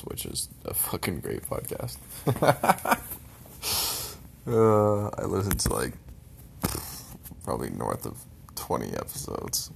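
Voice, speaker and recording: A young man venting in a personal vlog, frustrated and bitter, swearing constantly and sometimes trailing off into low mutters. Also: vocal fry, slight background noise.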